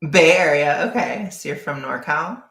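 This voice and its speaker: A woman's voice: deep voice, creaky, a bit bright, roomy sound. A woman from Southern California with a Californian accent, rambling in casual livestream chat with viewers, full of "like" and laughs. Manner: rambling, heavy use of "like", frequent laughs. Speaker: vlogger answering viewer chat.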